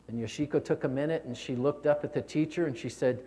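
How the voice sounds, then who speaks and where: A man's voice: mid-range voice, fast talker, few pauses, dark tone, a little hiss or hum. Earnest man giving a keynote in a hall. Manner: earnest, repeats words when stirred. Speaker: keynote speaker. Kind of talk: motivational keynote speech. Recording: long hall reverb.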